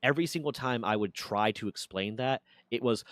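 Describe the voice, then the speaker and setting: A man's voice: fairly low pitch, moderate pace, hardly any pauses, no echo. A man streaming, casually telling a personal story with candid swearing and mock voices for others.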